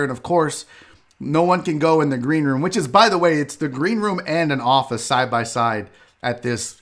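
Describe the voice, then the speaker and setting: A comedian from Houston, Texas, hosting his own show, telling a casual story in a profane, animated way and acting out what people said. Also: medium pitch. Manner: profane, animated ranting with acted-out quotes. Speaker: comedian and podcast host.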